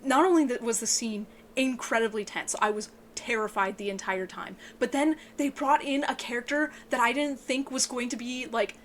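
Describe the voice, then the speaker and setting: An excitable woman giving an emotional, casual book review, swearing often and sounding tearful. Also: normal speed, hardly any pauses, a little hiss or hum. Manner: excitable, swears a lot, voice breaks into high yelps.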